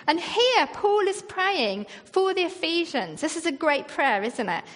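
Woman giving a chatty sermon, lots of "isn't it?" questions, high voice. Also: fairly bright tone. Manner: conversational, with rhetorical questions and acted-out quotes. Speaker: church leader preaching. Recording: long reverb in a hall.

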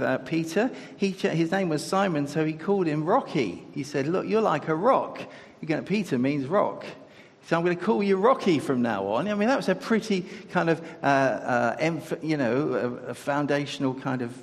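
A man preaches in a chatty, conversational way and keeps asking his listeners rhetorical questions. His voice sits a little high and has a gravelly edge. A long echo from the hall trails behind it. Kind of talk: sermon. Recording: echoey hall.

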